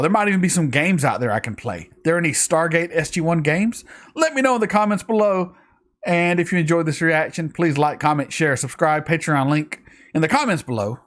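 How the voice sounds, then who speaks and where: A man hosting a reaction video, recapping an episode in a fast, rambling, excitable way while tired from a night shift. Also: on the high side.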